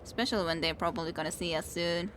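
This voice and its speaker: A woman's voice: on the low side, fast, a bit bright, a little hiss or hum. A young woman, chatting and giggling as she streams a game and talks to the enemies she fights. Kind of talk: casual let's-play commentary. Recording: game music playing under the voice. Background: video game music.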